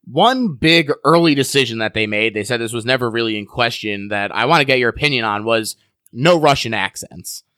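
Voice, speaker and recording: A man's voice: mid-range voice, fairly quick, clear, resonant tone, no echo. Man hosting a podcast, dry sound. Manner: asks questions in a relaxed, conversational way. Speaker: podcast host. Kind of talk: casual podcast discussion.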